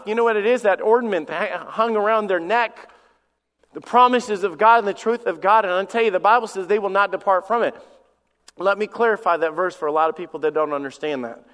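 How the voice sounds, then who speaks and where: A man's voice: high voice, a bit bright, long reverb tail. A man in his forties preaching a sermon as pastor, telling personal stories and often repeating words as he starts a sentence. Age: 40s. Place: church sanctuary.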